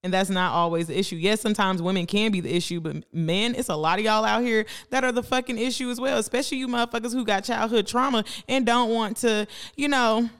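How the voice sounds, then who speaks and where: A woman's voice: a little high, fairly even intonation, fast, few pauses, clear, resonant tone. A woman co-hosting a podcast in casual chat, blunt and profane, acting out quoted back-and-forth dialogue. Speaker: podcast co-host.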